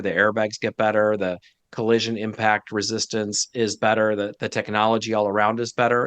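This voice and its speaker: Low-voiced blunt man giving money advice. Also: fairly bright tone, dry recording. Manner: direct, emphatic, blunt opinions. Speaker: guest financial advisor. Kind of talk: casual interview answers.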